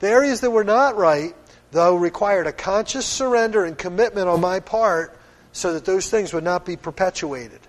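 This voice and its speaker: His voice sitting high and his pace moderate, this middle-aged man from Pennsylvania delivers a sermon as pastor. Long hall reverb surrounds his earnest, firm, conversational preaching.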